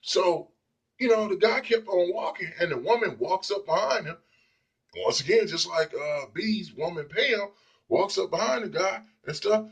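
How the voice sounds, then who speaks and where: Husky guy rambling thru a story, casual, keeps saying you know what i'm saying. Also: high-pitched, animated, normal speed. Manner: loose and rambling, acts out the people he quotes. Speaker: speaker telling personal stories.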